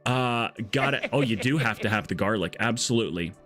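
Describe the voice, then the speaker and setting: A man's voice: on the low side, animated, fast, a bit bright, soft background music. Chatty, jokey male game streamer. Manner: chatty, jokey, greets chat by name. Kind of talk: casual live-stream commentary.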